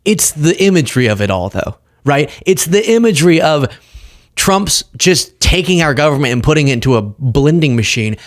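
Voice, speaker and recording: A man hosting a political commentary show, talking casually with animated sarcasm. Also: fairly high pitch, normal speed.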